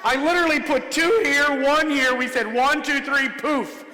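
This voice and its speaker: A man's voice: very high-pitched, normal speed, pushed and bright. A man performing a comedic magic show in a church hall, playfully joking with and coaxing a child volunteer. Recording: echoey hall.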